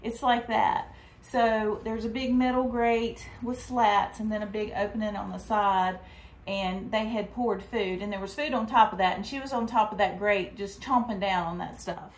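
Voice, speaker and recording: A woman's voice: medium pitch, steady tone, moderate pace. A middle-aged woman, chatting to viewers as she tells a story while working in her shop. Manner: chatty, addresses viewers as y'all. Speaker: vintage shop owner and vlogger. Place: her vintage shop booth.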